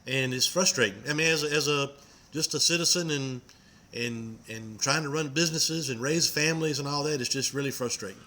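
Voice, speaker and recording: Male co-host, bright and forceful, earnest, frustrated, some stumbles. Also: mid-range voice, fairly quick. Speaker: podcast co-host, business owner. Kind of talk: casual political talk.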